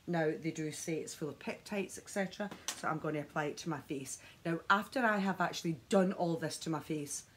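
Low husky woman doing a beauty vlog at home, chatty and excited, talking right to the camera. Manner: chatty, enthusiastic, talks straight to viewers. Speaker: beauty vlogger. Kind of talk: chatty product demonstration.

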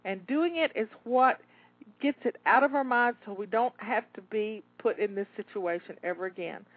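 A woman's voice: medium pitch, moderate pace, no echo. A woman coaching listeners through cleaning in upbeat, repetitive cheerleading phrases, a little out of breath. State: slightly out of breath. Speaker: home organizing coach. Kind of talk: encouraging step-by-step coaching. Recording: tinny phone-like dry sound.

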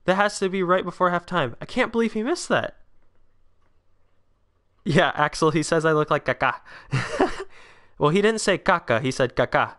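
Young man, 19, livestream host, casual chat, smooth clear voice. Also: sits high, moderate pace, long pauses. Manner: chatty, answers chat, bursts out excitedly at big chances.

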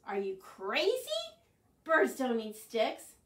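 Squeaky loud hungry little bird, super fussy, some lady doing it, echoey room far off. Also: big pitch swings, slow. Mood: indignant. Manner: loud, high, indignant.

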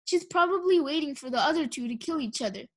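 A woman voicing a sharp-tongued, sarcastic young female dragon in a storybook reading. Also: sits high, animated, quick pace. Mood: scheming. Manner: snappy, sarcastic.

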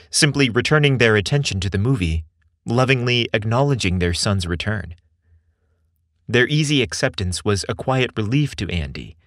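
Lively, low-voiced male storyteller. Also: no echo, clean studio sound. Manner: expressive storytelling, measured reading. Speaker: narrator. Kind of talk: scripted story narration.

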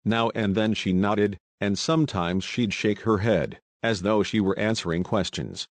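Low-voiced male audiobook narrator. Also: a little slow, dry recording. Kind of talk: audiobook reading.

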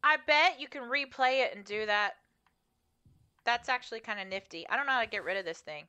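A woman running a let's-play, bantering and joking her way through the game. Her voice sits fairly high and swings widely in pitch, with a bright, forward tone. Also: lively intonation, brisk, clean tone. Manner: playful, jokey, chatty. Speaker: gaming streamer.

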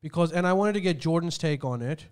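A man's voice: on the high side, fast, clear, resonant tone. A man co-hosting a podcast, steering the casual chat to the next topic with hesitant fillers. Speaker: podcast co-host.

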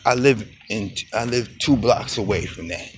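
A man's voice: lowish voice, moderate pace. A man vlogging on a phone while walking outdoors through his neighborhood, rambling loosely and greeting people he passes. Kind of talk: rambling walk-and-talk monologue. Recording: noisy outdoor phone recording.

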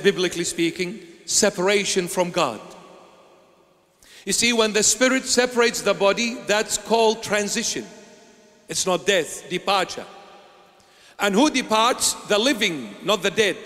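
A male bishop preaching a sermon, asking rhetorical questions and answering them himself in a slow, emphatic delivery. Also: high-pitched, fairly bright tone, long reverb tail.

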